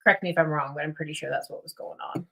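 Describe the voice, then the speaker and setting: A young woman hosting a casual livestream, rambling with many fillers and getting excited. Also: deep voice, rapid-fire, vocal fry. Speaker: livestream host.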